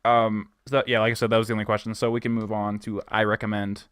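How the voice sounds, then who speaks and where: A man's voice: fairly low pitch, flat delivery, fast talker, fairly bright tone, clean tone, dry recording, clean studio sound. A man from Idaho hosting a casual gaming podcast, joking and trash-talking with a laugh. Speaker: podcast host.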